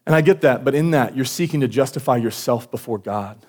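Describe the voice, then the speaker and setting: A man preaching to his church in a loose, conversational way. His voice sits at an ordinary middle pitch. He restarts his sentences often and leans on casual fillers, as if he were talking with friends. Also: brisk, a little mellow. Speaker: pastor. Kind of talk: sermon. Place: church service.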